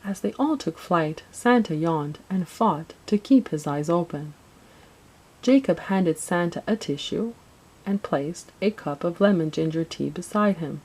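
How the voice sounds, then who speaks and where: Low-voiced woman reading a storybook. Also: animated, unhurried, a little mellow, husky, rough recording. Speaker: narrator.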